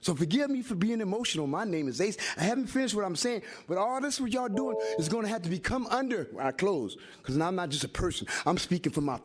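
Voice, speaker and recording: A man's voice: high-pitched, expressive, fast, hardly any pauses. An older man and community activist giving fiery public comment at a city hearing, emphatic and rhyming like a preacher. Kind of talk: impassioned public testimony.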